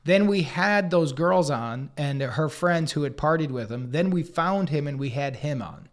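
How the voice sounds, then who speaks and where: A comedian and podcast co-host, a man, telling anecdotes in an animated way and acting out other people's lines. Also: fairly high pitch. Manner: acts out others' lines in quick put-on voices; swears casually, riffs fast.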